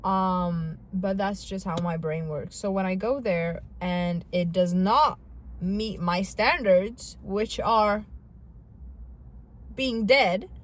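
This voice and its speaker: A woman's voice: medium pitch, slow. A young woman vlogging to camera in casual talk, chatty and dramatic, with self-mocking asides.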